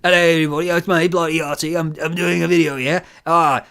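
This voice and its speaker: A cheeky, blustering British game critic rambles through his gripes in a put-on accent full of slang, as a man puts him on. The voice sits a little higher than the speaker's own. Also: fairly even intonation, unhurried, gravelly, bright, forceful tone, clear, resonant tone, full character voice. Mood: mock blustering.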